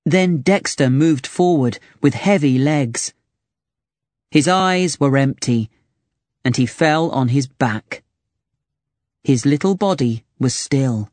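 A narrator reading a children's storybook aloud with slow, expressive delivery. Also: medium pitch, no room sound.

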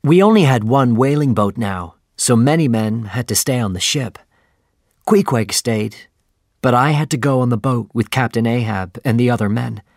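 A man reading a story aloud in a measured, plain storytelling manner. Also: mid-range voice, a little mellow, dry recording, clean studio sound. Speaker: narrator. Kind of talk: scripted audiobook narration.

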